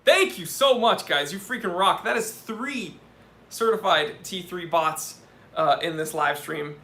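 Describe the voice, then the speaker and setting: Chummy bright-voiced man live-streaming. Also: high voice, a little slow, echoey room, a little hiss or hum. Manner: casual and chummy, says "dude" often. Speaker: watch channel host answering live chat.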